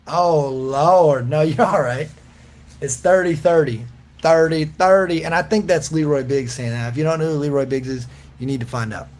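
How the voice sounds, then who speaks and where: A man with a darkish, mid-range voice hosts a casual livestream, talking a little fast with few pauses. He reads viewers' comments aloud and answers them in a loose, joking, slangy way, laughing often.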